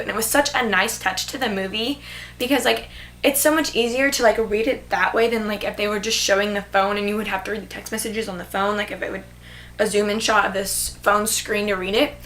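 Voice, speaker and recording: This young woman's vlog movie review comes in a medium-pitched, fairly bright voice with fairly even intonation and a slightly quick pace. She gushes throughout, leaning constantly on "like."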